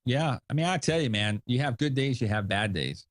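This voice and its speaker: A man's voice: medium pitch, expressive, a little fast, no echo. A male podcast host chatting casually, rambling with fillers and self-deprecating asides, a father of young kids. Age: adult with young kids. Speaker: show host.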